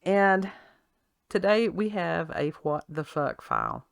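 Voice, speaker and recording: A woman's voice: on the low side, big pitch swings, takes it slowly, creaky, no echo, clean studio sound. A woman hosting a casual talk show, reading a news story aloud with sarcastic asides and frequent laughs. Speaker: podcast host. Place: at home with her child nearby.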